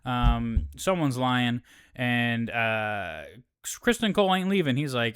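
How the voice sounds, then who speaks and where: A man's voice: medium pitch, expressive, slow pace, fairly bright tone, smooth. A man hosting a casual show recap, talking in a laid-back, profane way with lots of fillers.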